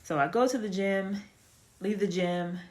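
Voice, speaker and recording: A woman giving a casual spoken testimony, telling her story in a chatty, animated way with lots of fillers. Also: mid-range voice, unhurried. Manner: animated storytelling, acts out quoted dialogue; chatty with frequent fillers and restarts. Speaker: testimony speaker.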